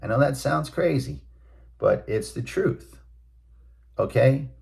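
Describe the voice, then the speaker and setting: A man's voice: medium pitch, animated, slow pace, creaky, darkish tone. A man, hosting a sports talk show and ranting bluntly, with emphatic outbursts. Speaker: host. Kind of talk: opinionated sports talk monologue.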